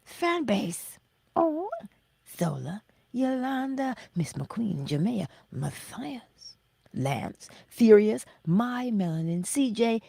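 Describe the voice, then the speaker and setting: Gravelly-voiced woman, lively and whispery. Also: on the high side, no echo. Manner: slow, emphatic, often dropping to a breathy whisper; acts out her own self-talk in little voices. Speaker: livestream host. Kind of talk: motivational livestream talk.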